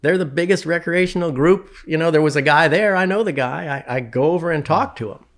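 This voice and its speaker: A man who works as a fishing guide, telling a story to a podcast host in casual, animated talk and often repeating words when excited. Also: a little high, fairly quick.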